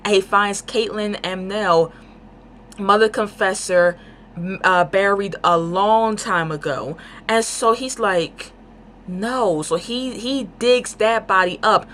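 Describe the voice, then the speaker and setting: A woman giving a casual book review, talking in an excited, rambling way with lots of fillers. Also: medium pitch, takes it slowly, slight background noise.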